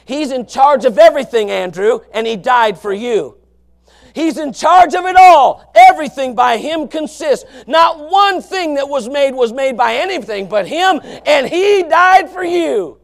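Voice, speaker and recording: A man preaching a fiery sermon, swinging from low murmurs to shouted passages in a folksy, emphatic way. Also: lively intonation, unhurried, gravelly. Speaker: pastor.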